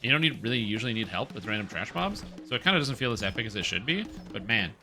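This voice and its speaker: A man streaming a game, rambling through casual commentary, getting excitable and swearing casually. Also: on the low side, fast talker, creaky, over music.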